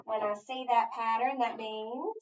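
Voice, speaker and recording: A woman's voice: on the high side, fairly even intonation, unhurried, a little hiss or hum. A woman teacher leading a phonics lesson, spelling words out letter by letter and coaching a learner. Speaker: reading teacher. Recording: roomy, distant, dull lo-fi.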